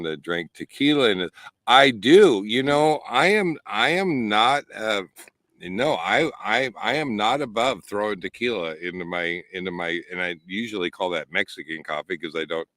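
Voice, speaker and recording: A man's voice: sits low, fairly bright tone, no room sound. A man hosting a casual livestream, rambling and chuckling as he chats with viewers. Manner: rambling, chuckling, restarts often. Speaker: livestream host. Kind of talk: casual live chat with viewers. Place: outdoors at a desert campsite.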